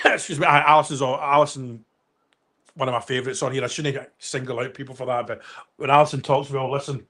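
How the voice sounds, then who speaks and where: A man's voice: medium pitch, fairly even intonation, a little fast, a bit bright. A Scottish man hosting a casual livestream, rambling and swearing as he reads out viewer comments. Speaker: livestream host.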